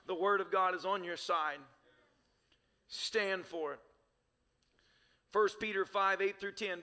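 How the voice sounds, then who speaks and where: A man's voice: sits high, bright, forceful tone. A male pastor preaching a sermon with fervor, using rhythmic, repeated phrases. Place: church sanctuary. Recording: reverberant church hall.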